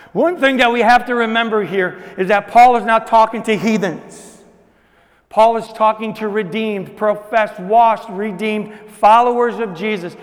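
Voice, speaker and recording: A man with a high voice preaches in a long, echoing church hall. He talks to the congregation in a conversational way, with bursts of loud emphasis and quiet, hushed asides. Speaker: pastor. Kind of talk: sermon.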